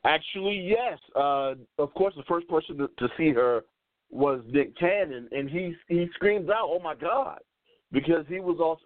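A male co-host chats casually about sports, his voice sitting a little higher than most men's. He is laid-back and repeats words as he gets going. The sound is a dry, tinny phone-line recording. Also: no room sound.

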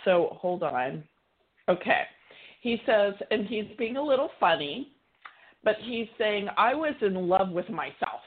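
A woman's voice: mid-range voice, big pitch swings, a little slow, phone-quality sound. A woman psychic medium giving a live reading on a call-in show, chatty, relaying messages as quotes.

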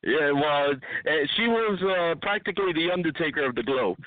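A man's voice: a little high, animated, moderate pace, no echo. A male radio host interviewing a guest in a casual, playful way, laughing and teasing. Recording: tinny phone line, dry.

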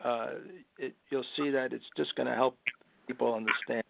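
A man's voice: medium pitch, fairly even intonation, normal speed, gravelly, very noisy. A man, an author speaking as a radio guest, earnest and often laughing as he talks. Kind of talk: radio interview. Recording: tinny phone line, dry.

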